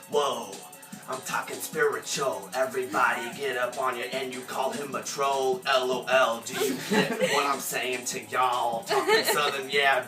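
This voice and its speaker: A young man raps a goofy, boastful freestyle in rhyme. He sounds far from the mic in an echoey room, with music clearly playing behind him. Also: mid-range voice. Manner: boastful, jokey rhyming. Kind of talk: joking freestyle rap.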